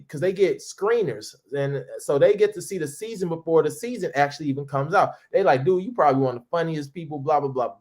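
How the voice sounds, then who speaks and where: Goofy, animated storyteller man from St. Louis. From St. Louis, USA. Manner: lively, goofy, acts out quoted voices with big pitch jumps. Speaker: comedian and TV editor telling his story.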